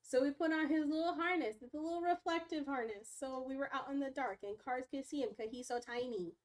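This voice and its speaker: Young woman, high voice, casual chatty streamer at home, slips into baby talk. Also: a little fast. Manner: chatty, talks baby talk to her dogs. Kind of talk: casual live-stream chat.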